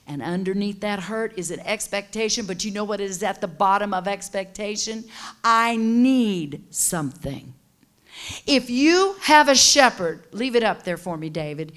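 A woman preacher delivering a sermon, teaching and building to passionate shouting with call-and-response. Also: mid-range voice, animated, moderate pace.

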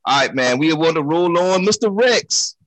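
A man hosting a casual podcast segment, lively and repeating his phrases as he moves things along. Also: fairly high pitch, moderate pace. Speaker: podcast host. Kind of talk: casual banter.

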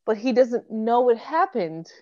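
A woman's voice: on the high side, sing-song, unhurried, a little mellow, no echo, muffled recording. A woman casually recapping a story in conversation, slangy and laid-back. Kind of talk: casual chat retelling a story.

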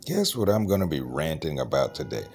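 A man hosting a solo show, delivering a profane, ranting monologue that swings from low muttering to raised outbursts. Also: sing-song, fairly quick, darkish tone, slight background noise. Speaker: ranting host.

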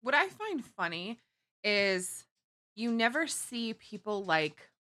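A woman's voice: medium pitch, sing-song, takes it slowly, sharp tone. A woman co-hosting a casual podcast, chatting conversationally and chiming in with laughter. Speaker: podcast co-host.

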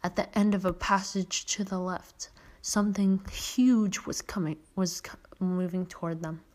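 A woman's voice: medium pitch, steady tone, unhurried, darkish tone. Woman podcast host, mid-range voice, unpolished read-aloud of a children's book. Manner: occasional stumbles and self-corrections. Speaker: podcast host reading a story. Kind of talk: reading a children's novel aloud.

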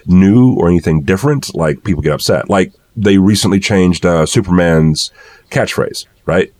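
A man's voice: low-pitched, moderate pace, darkish tone, no echo. A man co-hosting a casual podcast discussion, thoughtful and rambling, with many fillers. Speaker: podcast co-host.

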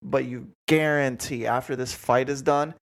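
A man's voice: mid-range voice, steady tone, normal speed, gravelly. A man co-hosting a casual podcast, laid-back, chiming in to agree and add to his co-host's points. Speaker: podcast co-host.

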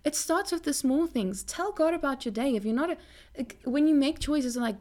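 A young woman speaking earnestly in a Christian faith talk to her viewers, often repeating words as she goes. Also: moderate pace. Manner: animated pitch jumps.

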